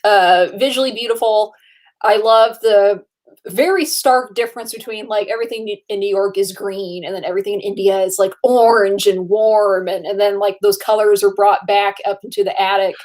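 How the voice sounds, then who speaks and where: A woman co-hosting a casual movie podcast, relaxed and chatty and a little sleepy. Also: medium pitch, normal speed. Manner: relaxed, chatty, lots of likes and laughter. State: sleepy, yawning. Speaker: podcast co-host.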